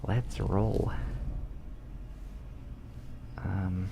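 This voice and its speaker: A man's voice: low voice, fairly even intonation, drawn-out words, creaky, background noise. A man streaming a truck driving game, chatting casually, rambling with lots of ums and reading chat aloud. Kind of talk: casual livestream chat while gaming.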